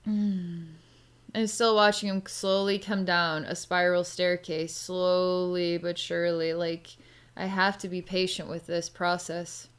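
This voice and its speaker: A woman's voice: fairly low pitch, little pitch movement, unhurried, smooth. Chatty woman giving a psychic reading. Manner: chatty, rambling, many filler words. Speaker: psychic reader. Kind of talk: casual spoken psychic session.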